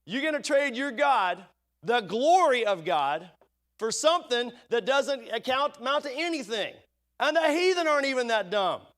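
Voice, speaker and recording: A man's voice: extremely high pitch, big pitch swings, moderate pace, a bit bright. A man preaching a sermon in a church, asking the congregation rhetorical questions and reading scripture aloud. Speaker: pastor. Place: church sanctuary.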